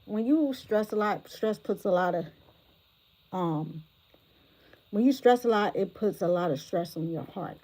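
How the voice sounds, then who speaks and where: A woman hosting a livestream reaction commentary, animated and exclamatory, talking straight to her viewers from a phone or tablet. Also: mid-range voice, a little slow, pauses often, rough recording. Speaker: commentary host.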